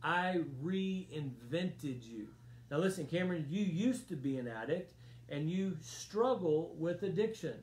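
Pastor, man, fairly high voice, earnest repeating delivery, roomy church echo. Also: animated, normal speed, dark tone. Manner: earnest, emphatic, repeats phrases. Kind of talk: sermon. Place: church sanctuary.

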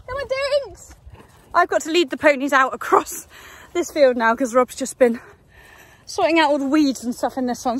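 A woman's voice: sits high, a bit bright. A chatty woman vlogging about horse gear, laughing often and talking to her animals as she goes. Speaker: equestrian vlogger. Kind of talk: casual vlog chat.

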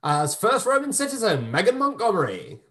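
A man's voice: high voice, wildly swooping pitch, normal speed, fairly bright tone. A man hosting the wrap-up of a live online show, effusive and upbeat, thanking the performers and introducing the cast over a video call. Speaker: host and director.

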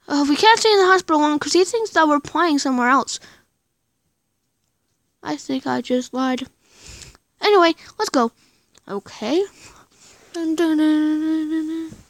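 A woman acting out a silly improvised skit on her own, switching between characters with whiny sighs and hushed whispers. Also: sits high, no room sound. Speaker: video maker. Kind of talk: improvised one-person skit.

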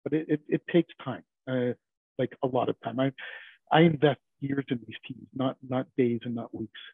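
A man's medium-pitched voice, fairly even in intonation at normal speed, carries vocal fry and a breathy edge. He's an IT team leader guesting on an interview, casually recounting workplace stories, acting out dialogue, and chuckling often over a dry, phone-like narrowband remote line.

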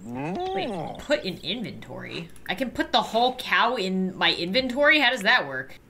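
A woman commentating as she plays a life sim game, excitable and squealing at cute animals while cracking playfully dark jokes. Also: mid-range voice, moderate pace, vocal fry, background noise. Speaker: gaming YouTuber.

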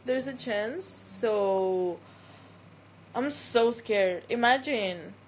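High-voiced giggly woman, Mexican accent. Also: lively intonation, takes it slowly, slight background noise, low-quality recording. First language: Spanish. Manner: giggly, laughs often. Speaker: livestreamer answering fans. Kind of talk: casual chat reading comments. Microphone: phone.

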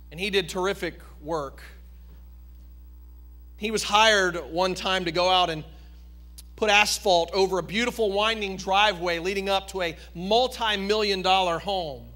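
A male pastor tells a story during a sermon, emphatic and animated. His voice sits high for a man, and his tone is bright and forceful.

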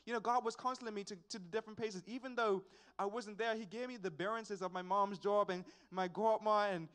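A young man, telling a personal testimony at a church service in an animated, repetitive storytelling way with sighs and asides. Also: sits high, brisk, clean tone. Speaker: church member giving a testimony.

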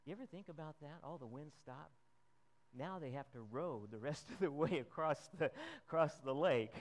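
A man's voice: fairly high pitch, normal speed. A man preaching a conversational sermon, asking the congregation questions and chuckling as he retells the story.

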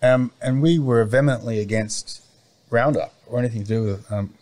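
A man's voice: mid-range voice, normal speed, a little mellow, dry recording. A man as an interview guest, talking casually and rambling with many fillers and restarts. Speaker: interview guest, farm owner. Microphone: remote call mic, cutting in and out.

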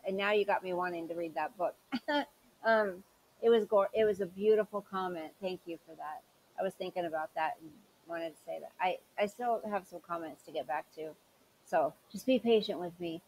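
A woman's voice: mid-range voice, darkish tone, a little hiss or hum, rough recording. A woman hosts a reaction commentary with a sarcastic, critical edge. She questions and picks apart what she has just played. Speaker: commentary channel host.

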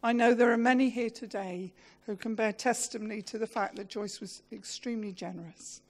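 A woman giving a funeral eulogy. She tells lively, self-mocking stories and laughs as she talks. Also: on the high side, a little fast.

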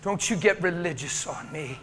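A man preaching a sermon as he tells a story, dropping to a hush and rising to a shout. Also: fairly high pitch, expressive, normal speed, slight background noise.

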